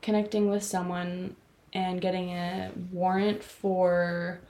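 A woman's voice: on the low side, little pitch movement, slow, a little mellow. A woman in her twenties co-hosting a podcast, rambling through stories in casual chat with lots of filler words. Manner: rambling storytelling with many "like" fillers. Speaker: podcast co-host.

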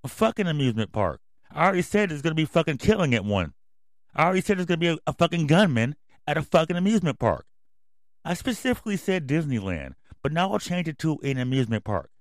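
A man's voice: a little high, sing-song, fast, dry recording, clean studio sound. Angry, swearing male podcast host. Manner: angry, yelling, swearing constantly. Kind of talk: profane ranting commentary.

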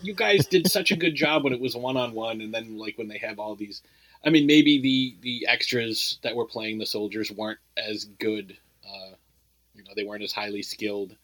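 A man's voice: fairly low pitch, normal speed, a bit bright, rough recording. A man co-hosting a casual movie review podcast, talking in a loose, rambling way full of "like" and "you know.". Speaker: podcast co-host.

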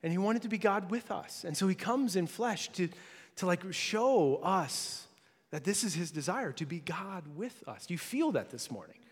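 A male pastor gives a sermon in a relaxed, chatty way, with lots of fillers and light jokes along the way. His voice sits fairly high for a man. The sound carries a long echo from a large church hall. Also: moderate pace, breathy edge. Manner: conversational, frequent "like" fillers and restarts, playful asides. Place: church sanctuary.

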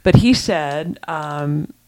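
A woman's voice: low voice, drawn-out words, a little mellow. A woman co-hosting a political talk show, speaking emphatically in casual chat, repeating herself and restarting her sentences. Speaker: co-host and columnist.

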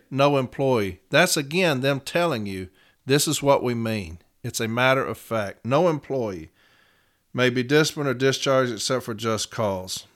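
A man's voice: mid-range voice, a bit bright. Emphatic man recounting arbitration. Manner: emphatic, slows down to stress contract words. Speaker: union advocate teaching arbitration. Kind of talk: storytelling lesson to fellow advocates.

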